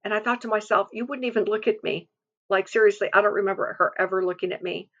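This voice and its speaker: A woman's voice: medium pitch, fairly even intonation, fast, a bit bright, lo-fi sound. A woman giving an earnest devotional testimony, telling a story and quoting scripture. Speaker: devotional speaker.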